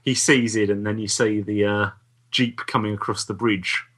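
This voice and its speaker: Bright-toned man musing. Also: on the low side, moderate pace, slightly rough. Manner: relaxed, agreeable, rambling sentences. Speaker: podcast co-host. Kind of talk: casual chat.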